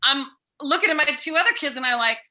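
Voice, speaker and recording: Animated bright-voiced middle-aged woman. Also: high-pitched, quick pace. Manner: animated, acts out remembered dialogue. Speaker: guest, author and peace educator. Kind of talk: casual podcast conversation.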